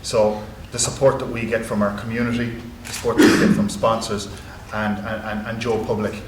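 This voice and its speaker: A man's voice: fairly low pitch, flat delivery, brisk. An Irish man speaking on a conference panel as a rugby club executive, talking earnestly with many fillers and restarts. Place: university conference hall. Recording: echoey hall with background noise.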